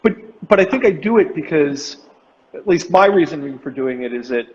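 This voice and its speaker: A man hosting a casual live-stream chat, talking in loose, rambling runs full of fillers and restarts. His voice sits a little high, and it comes through a dull, lo-fi video call with a long reverb tail and faint hiss. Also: expressive, moderate pace. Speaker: host.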